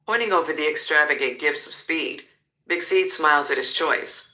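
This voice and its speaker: Man narrating a crime story, piercing bright tone. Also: fairly high pitch, normal speed, poor audio. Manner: vivid, descriptive storytelling.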